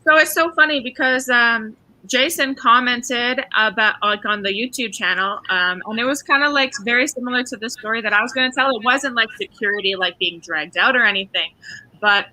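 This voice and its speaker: A woman with a very bright, slightly high voice tells a casino story with plenty of "like" and "um". She speaks casually and chattily. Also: a little fast, no room sound, low-quality recording. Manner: chatty, many "like" and "um" fillers. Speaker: casino dealer, podcast co-host.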